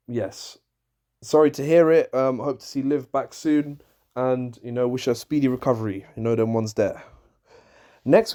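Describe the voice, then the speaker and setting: A man's voice: medium pitch, a little mellow. A young man reviewing a wrestling show in an exasperated, sarcastic rant.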